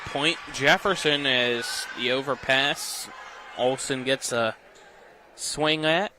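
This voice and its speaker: A man calling live high school volleyball play-by-play, quick and getting excited on rallies. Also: noisy background. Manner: rapid, gets loud and excited on long rallies. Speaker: play-by-play commentator.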